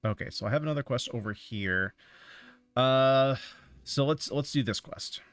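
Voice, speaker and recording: A man's voice: medium pitch, moderate pace, a bit bright, clean tone, no room sound. A man streaming a game, chatting casually and offering rambling, opinionated thoughts as he plays. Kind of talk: casual chat while playing a game.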